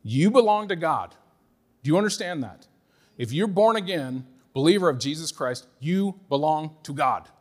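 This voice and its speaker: A middle-aged man preaching a sermon as a pastor, emphatic and repetitive, moving between loud exhortation and quiet, laughing asides. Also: on the high side, animated, normal speed, big-room sound.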